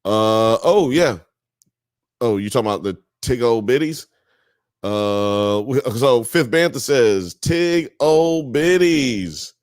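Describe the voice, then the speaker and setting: A man's voice: medium pitch, animated, slow, dry recording, studio quality. A man from the US South and Midwest hosting a live show, casually reading chat comments aloud and riffing on them. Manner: laid-back, reads chat comments aloud and riffs on them.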